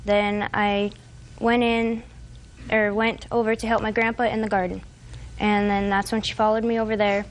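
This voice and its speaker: A woman in her twenties giving courtroom testimony, retelling events haltingly with fillers and restarts. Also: mid-range voice, flat delivery. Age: 20s. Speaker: defendant.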